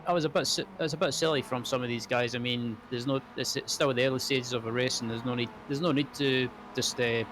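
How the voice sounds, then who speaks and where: A man giving color commentary on a sim race in a casual, halting way with many fillers. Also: medium pitch, steady tone, background noise.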